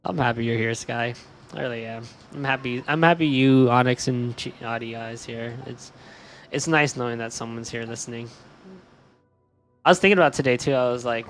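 A man's voice: medium pitch, normal speed, slight background noise. A young man streaming a game from home, chatting casually while upset and stressed, swearing often and saying "dude", with stretches that drop to a mumble. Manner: swears a lot, says "dude", often trails off quiet.

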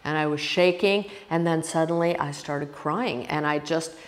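Woman, yoga teacher, personal story, emotional, expressive, somewhat low voice, long reverb. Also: normal speed. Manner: emotional, expressive, restarts often.

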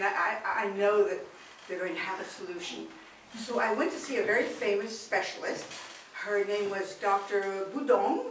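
Woman telling a comic story, halting. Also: mid-range voice, a bit bright, slight background noise. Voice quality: hesitant, lots of uhs. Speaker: comedian. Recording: echoey room, distant mic.

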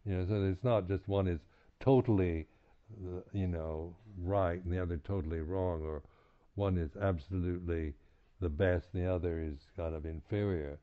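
A man giving a reflective dharma talk as a meditation teacher on retreat, halting, with many restarts and repeated words, and soft chuckles between points. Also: low voice, fairly even intonation. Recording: tinny, phone-like lo-fi recording.

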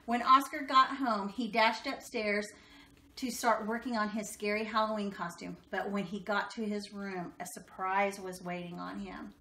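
Brief: woman reading a storybook to kids, expressive, bright tone, echoey room. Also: mid-range voice. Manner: expressive, slows down for drama. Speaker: storybook reader. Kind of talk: children's picture book read-aloud.

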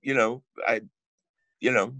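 A man's voice: medium pitch, fairly even intonation, measured pace, vocal fry, pushed and bright, dry recording. A man with a New Jersey accent, a guest songwriter telling brash stories in casual podcast chat and swearing freely.

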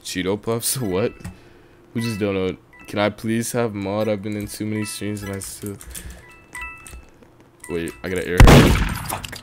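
A man streaming a video game and chatting with viewers, excitable and quick to yell, his voice a little strained from talking for so long. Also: lowish voice, over music. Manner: excitable, breaks into yelling and laughing bursts. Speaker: streamer host. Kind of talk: casual gaming livestream commentary.

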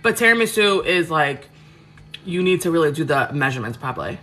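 Chatty Queens woman with a bright voice. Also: deep voice, sing-song, brisk. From Queens, New York. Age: 30s. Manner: chatty, frank, full of fillers and restarts. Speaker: cooking livestream host. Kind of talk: casual live chat answering viewers. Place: home kitchen.

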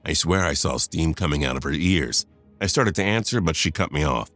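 Very deep-voiced man telling a story. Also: animated, brisk, a bit bright, faint music behind. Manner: confiding, talks straight to the listener. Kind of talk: first-person storytelling narration.

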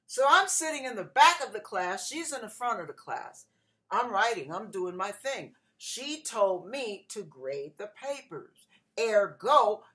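A middle-aged woman pastor preaching a sermon, telling a personal story with animated delivery and acting out other people's voices. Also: a little high.

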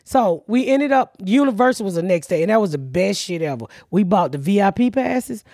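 A middle-aged woman hosting a podcast, telling a story in a loud, profane, animated way. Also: medium pitch, fairly quick, dry recording, clean studio sound. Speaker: podcast host. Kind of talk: casual storytelling chat.

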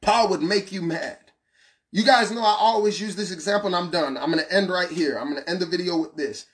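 A man preaching a passionate sermon, asking the listener questions and shouting some lines. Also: high-pitched, fairly quick. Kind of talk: fiery street-style sermon.

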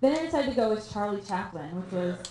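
A young woman from Canada performing a stand-up comedy set on a theatre stage, deadpan and self-mocking with quick asides. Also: mid-range voice, slight background noise. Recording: echoey room, live audience.

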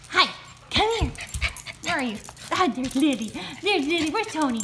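A woman with a high voice chats to her dogs at home in a sing-song, cooing way. It is relaxed vlog talk with a faint hiss of background noise behind her. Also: normal speed, pauses often. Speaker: vlogger with a guide dog.

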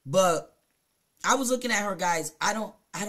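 A woman live streamer telling a blunt, profane story to her chat at home, her voice swinging between hushed and loud. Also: mid-range voice, animated, moderate pace. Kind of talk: casual confessional storytelling to chat.

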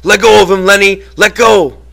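A man reading an audiobook and voicing an anxious, protective ranch worker who shouts urgently. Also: high voice, fairly even intonation, normal speed, vocal fry, pitched above the performer's own voice, heavily acted. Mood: frantic yelling.

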